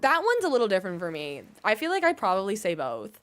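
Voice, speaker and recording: A woman's voice: a little high, big pitch swings, fairly quick, few pauses. Bubbly giggly woman streamer. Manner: bubbly, giggly, reads out chat and muses on word pronunciations. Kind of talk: casual livestream chat with viewers.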